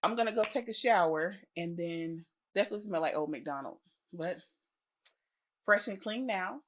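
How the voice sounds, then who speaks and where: A young adult woman, co-hosting a podcast in casual chat and acting out stories with lively quoted voices and laughter. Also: fairly low pitch, normal speed, a little hiss or hum. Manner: animated storyteller, acts out quoted voices with laughter. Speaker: podcast co-host.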